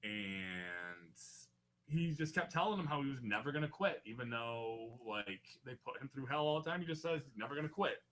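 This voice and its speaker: A man hosting a casual wrestling podcast, loud and joking, swearing freely as he recaps matches. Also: medium pitch, animated, moderate pace. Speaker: podcast host.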